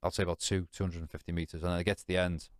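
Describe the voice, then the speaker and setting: This podcast guest races through a candid personal story in casual British slang, blunt and profane, rambling with restarts, fillers, and plenty of "you know what I mean." His voice is low with little pitch movement, and the studio-quality recording has no room sound.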